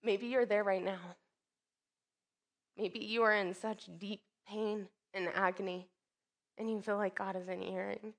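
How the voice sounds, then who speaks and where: A woman preaching a sermon, expressive, swinging from loud emphatic lines to soft hushed ones and acting out quoted speech. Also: medium pitch, measured pace, long pauses. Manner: acts out quoted speech with sudden bursts.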